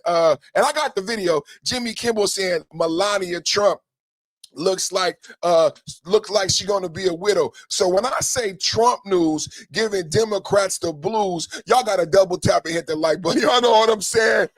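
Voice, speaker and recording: A man's voice: sits high, dry recording. A man hosting a podcast with hype-man energy, chanting catchphrases and slipping into sing-song rhymes. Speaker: podcast host. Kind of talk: hyped podcast monologue.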